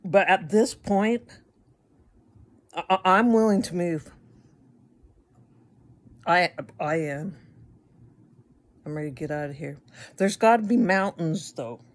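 Middle-aged woman vlogger from the United States; slow, lowish, rambling and wry with stammered restarts. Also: lively intonation. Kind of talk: casual chat to camera.

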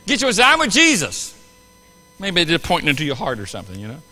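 Male pastor, high bright voice, lively sermon delivery with loud peaks, reverberant church hall. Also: racing. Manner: animated preaching with sudden loud bursts and quiet asides. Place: church sanctuary.

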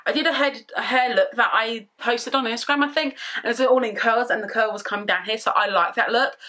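Bright excited woman vlogger. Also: on the high side, brisk. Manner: rambling, excited storytelling. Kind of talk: casual chatty vlog. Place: her bedroom.

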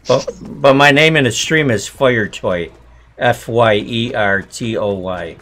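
A man from Rochester, New York, a streamer chatting casually with teammates while gaming, with easygoing, low-key replies. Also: slow pace, fairly bright tone. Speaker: Twitch streamer.

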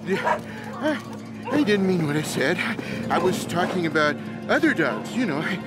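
Cartoon lead: sardonic lazy male cat, high pitch, drawling delivery over loud score. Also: big pitch swings. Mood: panicky. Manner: dry, sarcastic, slow drawl. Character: sarcastic lazy orange male tomcat. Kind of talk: cartoon voice acting. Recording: loud cartoon music behind.

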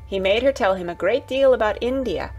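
A woman narrating a classic children's novel as a calm bedtime story. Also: fairly high pitch, brisk, muffled recording, soft background music.

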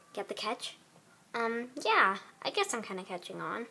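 Slow-talking woman voicing doll characters. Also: a little high, very animated, vocal fry, sharp tone, slightly rough. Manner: switches between girlish character voices with giggles and whispers. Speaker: doll video voice performer. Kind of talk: homemade doll drama voicing.

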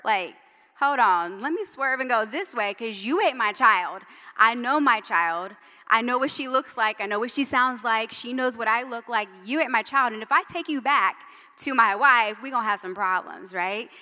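A woman's voice: fairly high pitch, expressive, normal speed, sharp tone, big-room sound. A woman acting out a flustered father who emphatically insists a strange child is not his own. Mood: indignant. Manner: emphatic, indignant.

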